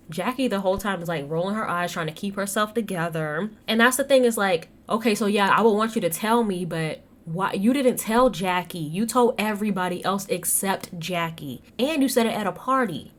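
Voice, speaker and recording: A woman's voice: fairly quick, hardly any pauses. A woman hosting a casual recap podcast, chatting to listeners and acting out quoted lines with big jumps in her voice. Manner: animated, acts out quotes with big pitch jumps. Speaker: podcast host recapping reality TV.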